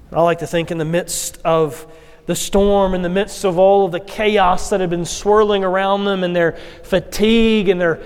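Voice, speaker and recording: High-voiced man preaching in a reverberant hall. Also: clear, resonant tone. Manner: expressive storytelling with acted quotes. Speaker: pastor. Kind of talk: sermon.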